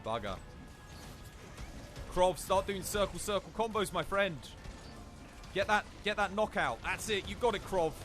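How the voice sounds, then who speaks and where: A man's voice: high voice, lively intonation, measured pace, pauses often, over music. A man giving jokey live commentary while streaming a game, laughing often.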